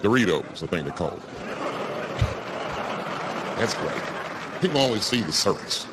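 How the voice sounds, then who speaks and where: A male comedian tells stories in a loose, profane stand-up routine. His pitch swings widely as he punches lines. It is a noisy live recording from a stage. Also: measured pace. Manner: loose, profane, animated storytelling. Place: stage before a live audience.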